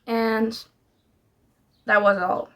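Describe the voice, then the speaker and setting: A woman's voice: fairly high pitch, little pitch movement, extremely slow, a bit bright, slight background noise. A young woman chatting casually in her reading vlog, gushing and giggly about the books she's read. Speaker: book vlogger.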